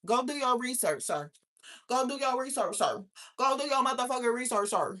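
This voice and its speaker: Animated, profane woman on a livestream. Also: on the high side, normal speed. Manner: animated, profane, preachy, answers chat comments. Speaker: livestream host. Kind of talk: casual livestream chat.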